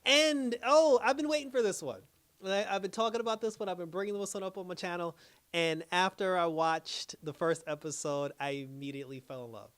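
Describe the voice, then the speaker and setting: A young man giving a casual, animated review on his own channel, laughing often and restarting his sentences. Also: sits high, a little fast, clean tone. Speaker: YouTube reviewer.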